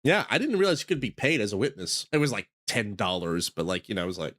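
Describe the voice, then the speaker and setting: A man's voice: lowish voice, very animated, fast talker, fairly bright tone. A young man casually narrating a game playthrough, rambling and leaning on filler words. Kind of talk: casual storytime commentary.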